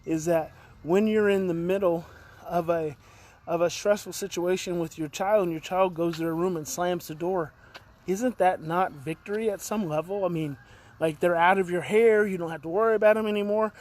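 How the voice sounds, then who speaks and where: Earnest high-voiced man live-streaming. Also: fairly even intonation, normal speed, a little mellow. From California. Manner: rambling, earnest, greets viewers by name. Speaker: parenting educator hosting a daily live stream. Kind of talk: casual live-stream talk. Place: outdoors. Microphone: phone on a live stream.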